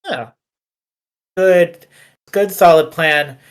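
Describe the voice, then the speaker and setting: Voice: mid-range voice, very slow, clear, resonant tone. Rambling tabletop game master. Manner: rambling, joking asides.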